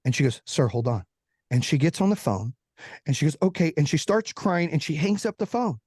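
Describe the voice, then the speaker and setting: A man with a fairly high voice tells a personal story in a casual, profane way. He acts out other people's quotes as he goes. The sound is dry and close, with no room echo. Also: lively intonation, darkish tone, breathy edge. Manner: profane, fast-moving anecdote with acted-out quotes. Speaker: podcast guest, entrepreneur.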